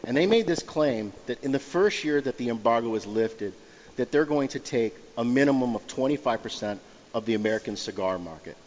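A man's voice: medium pitch, lively intonation, a little fast, darkish tone, slight background noise. A man in his fifties telling a story animatedly as a guest in casual podcast chat, laughing often. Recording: dull sound in a reverberant room.

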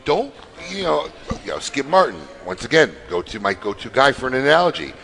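Quick-talking male shop owner, lively swinging voice, acts out other people in stories. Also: mid-range voice, vocal fry. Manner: animated storyteller who acts out others. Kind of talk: casual chat.

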